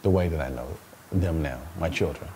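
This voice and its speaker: A man in his thirties, a stay-at-home dad as an interview guest, telling stories in a lively way with frequent laughs and repeated words. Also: sits low, fairly quick, slightly rough. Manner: animated storytelling, laughs often, repeats words. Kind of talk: casual interview talk.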